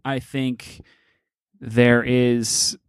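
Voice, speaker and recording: A man with a middle-pitched voice steers a casual podcast discussion, often stopping and restarting his sentences. The recording is dry and close. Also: level tone, extremely slow, smooth, no room sound. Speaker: podcast co-host. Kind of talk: casual chat.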